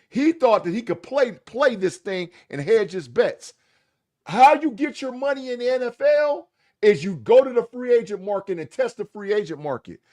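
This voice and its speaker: A man co-hosting a sports podcast, arguing his point bluntly and emphatically in casual debate. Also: sits high. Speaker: podcast co-host.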